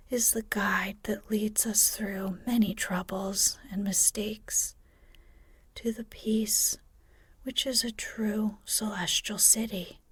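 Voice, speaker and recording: Woman doing wise gentle mother, whispered role-play, unhurried, breathy whisper. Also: medium pitch, no room sound. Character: warm, wise mother of four girls.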